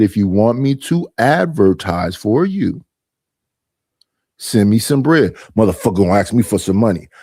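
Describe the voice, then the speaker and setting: A middle-aged man rants on a livestream, aggrieved and repetitive, going over the same point again and again. His voice is dark and mellow, and the sound is dry and close. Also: mid-range voice, no echo. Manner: aggrieved, repetitive, mimics others in quoted voices. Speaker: streamer. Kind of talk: casual livestream rant.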